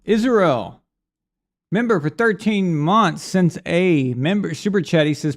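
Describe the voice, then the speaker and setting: Guy rambling through a sports stream, gravelly voice, kinda high. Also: measured pace. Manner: rambling, reads viewer messages aloud. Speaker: sports show host. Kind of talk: casual live-stream chat.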